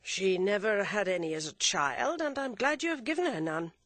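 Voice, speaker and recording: Woman doing a teasing, ironic gentleman. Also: mid-range voice, lively intonation, moderate pace, no echo, close to an everyday voice. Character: urbane, teasing middle-aged gentleman father.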